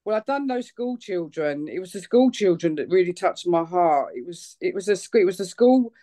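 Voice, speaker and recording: A woman's voice: lowish voice, normal speed. Chatty woman giving a church testimony. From England. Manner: chatty, excitable storytelling with many fillers. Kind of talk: personal testimony.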